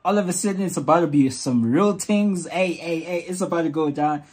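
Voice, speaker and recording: A man hosting a reaction video, talking in an excited, repetitive way and urging viewers to comment. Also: a little high, a little fast, slightly rough. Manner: excited, repeats "yo" and "comment down below".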